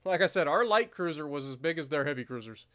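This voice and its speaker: A man streaming a naval strategy game, commenting casually, swearing freely and bursting into loud disbelief at the battle results. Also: fairly high pitch, fast talker. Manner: muttering calmly while managing menus.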